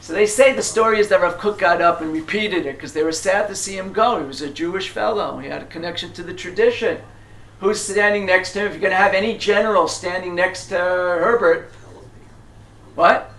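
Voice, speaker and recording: Man, tour guide, casual lecture, quizzes the group, lots of fillers, high voice, roomy echo. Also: brisk, a bit bright. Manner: chatty, asks the group questions, frequent fillers and restarts. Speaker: tour guide teaching history.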